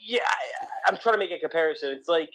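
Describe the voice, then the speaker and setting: Gloomy rambling man, slightly high voice. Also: fast, a bit bright, raised voice, poor audio. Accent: faint East Coast US. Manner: rambling, gloomy, many restarts and fillers. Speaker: podcast co-host. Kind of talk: casual chat.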